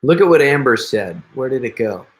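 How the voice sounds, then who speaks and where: A man's voice: medium pitch, big pitch swings, normal speed. A middle-aged man chatting casually with viewers on a live stream, joking and laughing often. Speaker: prank video creator hosting a live stream.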